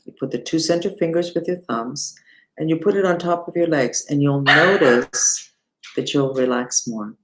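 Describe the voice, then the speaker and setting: A woman who teaches mantras and meditation, giving an unhurried live-streamed lesson and talking straight to her viewers. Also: sits low. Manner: unhurried, talks to viewers and reads the chat aloud.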